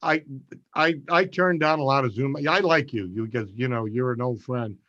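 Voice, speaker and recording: An older man, a comedian telling an animated story on a video call and swearing freely. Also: medium pitch, normal speed, no room sound, highs cut off. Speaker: comedian guest. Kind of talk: casual storytelling.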